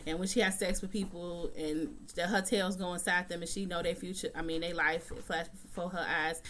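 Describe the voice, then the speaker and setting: A woman's voice: fairly low pitch, fairly even intonation, moderate pace, a bit bright, a little hiss or hum. Blunt, chatty woman vlogger. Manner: chatty and blunt, with frequent swearing. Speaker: TV recap vlogger. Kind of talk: casual recap vlog. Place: room at home by a window.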